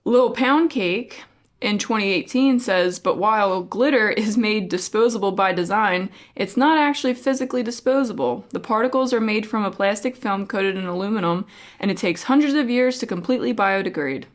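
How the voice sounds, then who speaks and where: A woman's voice: mid-range voice, normal speed. A woman co-hosting a casual craft podcast, reading articles aloud in a playful, teasing way and stumbling over hard words. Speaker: podcast co-host.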